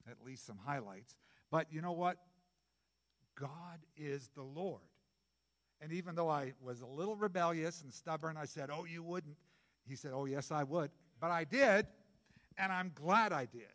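A middle-aged male pastor preaching a sermon in a conversational, jokey way, jumping from loud bursts to soft asides. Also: on the high side, expressive, moderate pace, big-room sound.

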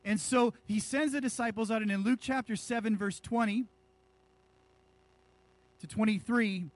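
A male pastor delivers a lively sermon to his church. His voice sits notably high for a man, and he preaches with animated energy, joking with the congregation between scripture readings. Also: moderate pace, no room sound.

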